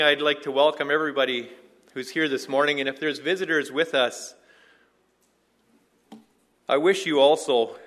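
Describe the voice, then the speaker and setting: A man preaching a sermon in an earnest, measured way, building his points through repeated phrases. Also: mid-range voice, a bit bright. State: out of breath.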